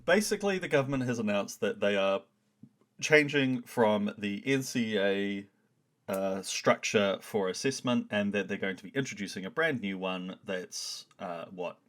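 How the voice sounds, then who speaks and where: Low-voiced dry Kiwi teacher. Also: male voice, lively intonation, normal speed, fairly bright tone. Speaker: teacher and education correspondent. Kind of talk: casual comedic chat.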